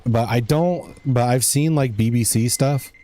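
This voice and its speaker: A man's voice: mid-range voice, measured pace, mellow. A young man streaming a game, rambling casually to his chat as he plays. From United States. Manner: rambling, chatty, talks to chat while playing. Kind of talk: casual gameplay commentary.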